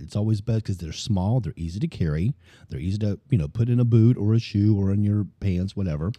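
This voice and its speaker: A man with a Cajun Louisiana accent hosting a casual podcast chat, animated and talkative. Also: on the low side, brisk, no echo. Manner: animated, chatty, talks with his hands. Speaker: podcast host.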